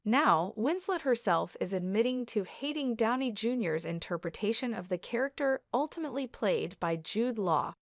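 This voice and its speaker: A woman's voice: on the high side, normal speed, few pauses, no echo. Woman reading entertainment news, dry sound. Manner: even read-aloud delivery, quotes read in the same voice. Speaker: news narrator. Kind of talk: scripted entertainment news narration.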